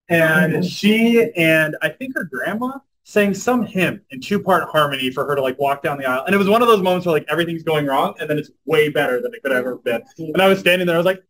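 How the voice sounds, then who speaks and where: A young man giving a storytelling talk, animated and filling his speech with "like" and "um". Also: on the high side, a little fast, rough recording. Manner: animated, says "like" and "um" a lot. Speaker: guest speaker at a club meeting.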